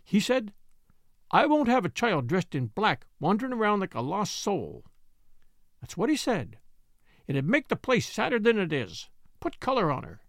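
A woman's voice: medium pitch, huge pitch swings, moderate pace, no room sound, studio quality, voice pushed up. A woman voicing a kind, plainspoken young maid who talks in broad Yorkshire dialect. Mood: friendly. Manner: broad dialect, earnest and chatty.

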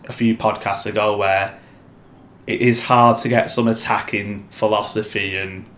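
A man co-hosting a podcast, telling stories in a casual, animated way. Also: on the low side, measured pace, roomy sound. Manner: animated storyteller, shouts when acting out others. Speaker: podcast co-host. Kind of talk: casual chat.

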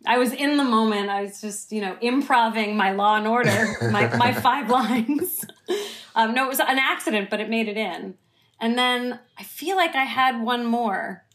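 A woman's voice: fairly high pitch, moderate pace, fairly bright tone. Chatty, laughing woman guest. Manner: chatty, self-deprecating, laughs often. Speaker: actress guest. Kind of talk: conversational interview.

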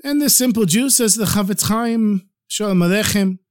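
A man narrating stories for a podcast in a lively, animated way. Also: very high voice, moderate pace. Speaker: storyteller.

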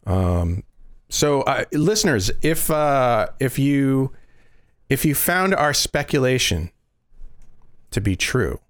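A man hosting a casual podcast chat, halting and full of fillers. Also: mid-range voice, sing-song, no echo, studio quality. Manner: hesitant, many fillers and restarts. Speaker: podcast host.

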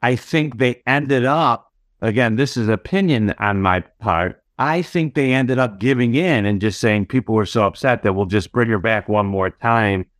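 A man's voice: medium pitch, normal speed, no room sound, studio quality. A man as a guest on a casual podcast, offering opinions carefully with hedges and restarts.

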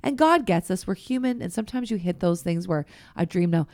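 A woman's voice: fairly low pitch, expressive, a little fast, dry recording. Candid chatty middle-aged woman, dry close mic. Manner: candid, chatty, drops to a hushed voice for prayers. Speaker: podcast host. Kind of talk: faith-based casual chat.

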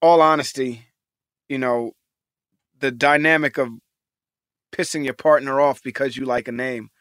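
A man in his forties, a podcast co-host in casual chat, animated and profane, repeating words when he gets excited. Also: medium pitch, measured pace, clear, resonant tone, no echo, clean studio sound.

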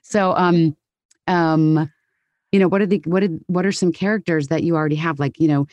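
A middle-aged woman voice actor talking in a casual interview, animated and quick to break into voices. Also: deep voice, no room sound, lo-fi sound. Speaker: guest voice actor.

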